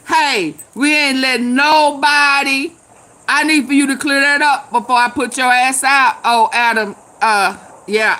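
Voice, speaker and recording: A tipsy woman hosts a casual live chat with a slow, drawn-out delivery. Her voice is bright and forceful and sits a little high. She laughs loudly, swears freely and calls out viewers by name. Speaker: live stream host.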